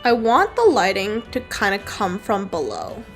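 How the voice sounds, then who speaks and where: Her medium-pitched voice swoops wildly up and down while keeping a measured pace. A young streamer who does digital art, she rambles offhandedly about her drawing, occasionally cursing, over faint background music.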